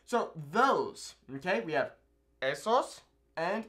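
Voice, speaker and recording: A man teaching a video language lesson at a board, upbeat and animated, checking in often with the viewer. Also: high-pitched, takes it slowly. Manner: upbeat, animated, keeps asking "okay?". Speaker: Spanish teacher.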